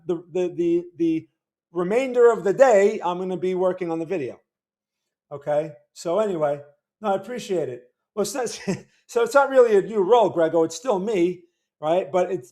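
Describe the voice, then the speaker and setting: A man hosting a livestream, chatting casually with viewers in a worn, weak voice, rambling and stammering over his words. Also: high voice. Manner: rambling, stammering, repeats words, greets chat viewers loudly. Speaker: livestream host.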